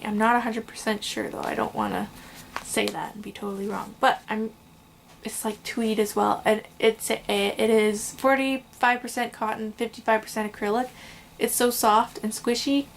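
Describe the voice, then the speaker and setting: Tired and struggling with hiccups, a young crochet vlogger rambles happily about her yarn in a casual show-and-tell at home. Her slightly high voice comes out flat at normal speed, over a faint hum of room noise.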